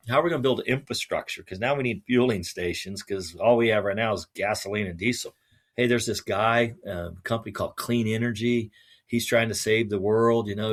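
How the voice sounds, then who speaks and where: A man, a podcast guest, telling a long story in a conversational way and acting out what other people said. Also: lowish voice. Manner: animated, acts out other people's lines in changed voices.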